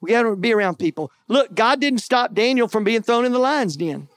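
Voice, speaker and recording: A man's voice: extremely high pitch, lively intonation, fairly quick, few pauses, a bit bright, dry recording. A man preaching a sermon in a folksy, conversational way, often tossing in "man" and "right?". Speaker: pastor.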